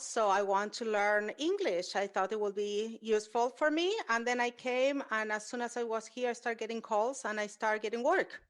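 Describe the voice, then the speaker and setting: A woman hosting an interview podcast, a native Spanish speaker talking in an earnest, reflective way. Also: a little high. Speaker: podcast host. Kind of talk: conversational interview.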